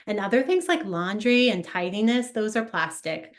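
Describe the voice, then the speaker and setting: A woman's voice: medium pitch, normal speed. Woman therapist explaining on a call. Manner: explanatory, uses metaphors. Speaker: therapist panelist. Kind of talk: webinar discussion.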